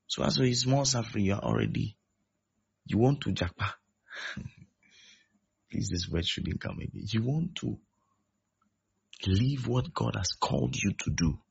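A man's voice: on the low side, gravelly, fairly bright tone, slightly rough. A man preaching a sermon, emphatic and repeating his key phrases. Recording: dull lo-fi recording.

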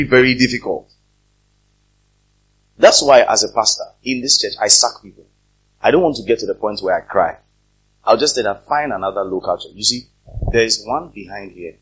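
Husky-voiced man preaching, lo-fi recording. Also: medium pitch. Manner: animated, rising to loud emphatic peaks; speaks directly to the congregation with questions. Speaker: pastor. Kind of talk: preaching a sermon with scripture reading. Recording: dull lo-fi sermon recording.

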